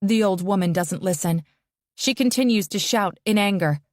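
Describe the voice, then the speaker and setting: A woman's voice: medium pitch, normal speed, no room sound. Dry, tense woman narrating a thriller. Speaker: audiobook narrator. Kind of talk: first-person thriller narration.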